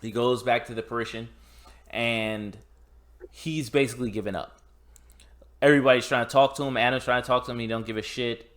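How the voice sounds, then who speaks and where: A man co-hosting a podcast tells a film's story in relaxed chat. His delivery is animated and full of swearing. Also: medium pitch, fairly quick, long pauses. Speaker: podcast co-host. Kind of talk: casual chat recapping a film.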